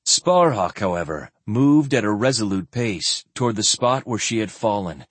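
Male audiobook narrator: husky, even read, dry close studio sound. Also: on the low side, moderate pace, no room sound. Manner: steady, descriptive reading.

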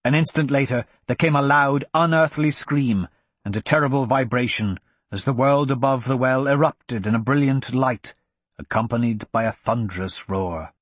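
A man narrating a fantasy audiobook in an expressive storytelling manner. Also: medium pitch, moderate pace, dry recording.

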